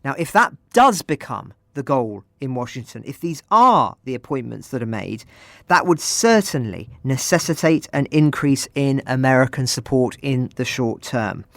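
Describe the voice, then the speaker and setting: A man hosting a news podcast, reading measured commentary with pointed emphasis. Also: medium pitch, a bit bright, no echo. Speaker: podcast host.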